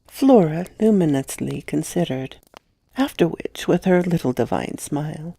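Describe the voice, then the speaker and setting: A woman narrating a classic ghost story in a measured, expressive reading with hushed passages. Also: sits low, gravelly, slightly rough, no echo.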